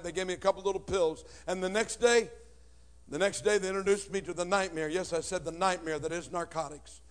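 A man telling his life story with comic timing and sudden shouted outbursts in a church. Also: high-pitched. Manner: animated, punchy delivery with bursts of shouting.

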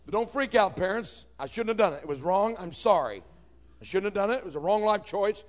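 A man telling his life story with comic timing and sudden shouted outbursts in a church. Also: high voice, a little fast. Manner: animated, punchy delivery with bursts of shouting.

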